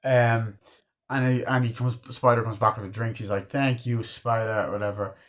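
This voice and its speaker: A man's voice: fairly low pitch, fairly even intonation, brisk. A man giving a casual movie review, rambling with lots of swearing and acting out scenes he loves. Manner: rambling, swears a lot, acts out quoted scenes.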